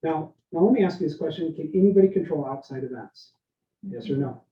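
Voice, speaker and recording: A man giving a leadership workshop, energetic and interactive, often asking his listeners questions and tagging lines with "right?". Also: fairly high pitch, a little fast. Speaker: leadership speaker. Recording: roomy, dull lo-fi sound.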